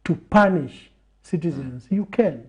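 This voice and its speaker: Man with a measured, preaching cadence. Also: on the high side, expressive, darkish tone. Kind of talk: reflective talk in a TV interview.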